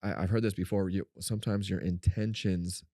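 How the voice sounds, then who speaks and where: Deep-voiced man telling a story. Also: fairly quick, no room sound, clean studio sound. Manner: animated storyteller, acts out quotes in a high voice. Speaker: podcast co-host. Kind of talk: faith-based podcast storytelling.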